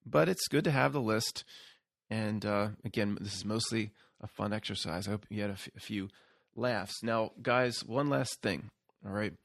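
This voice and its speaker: A man's voice: lowish voice, normal speed, creaky, a bit bright, no echo, studio quality. A man hosting his own channel, talking casually in a rambling solo monologue full of restarts and fillers. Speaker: YouTube channel host.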